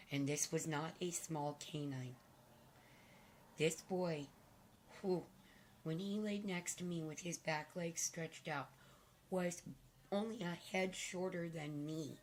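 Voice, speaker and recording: Hoarse, raspy older woman, low and slow. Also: steady tone, slight background noise. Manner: rambling and heartfelt, with hesitant fillers. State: hoarse, nearly lost voice. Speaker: vlogger. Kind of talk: casual to-camera chat.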